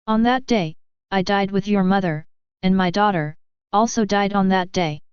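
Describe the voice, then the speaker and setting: Cold bitter father, read by a woman, clipped flat delivery, crystal-clear voice, dry close sound. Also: medium pitch, moderate pace, dry recording, close to an everyday voice. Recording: dull lo-fi sound.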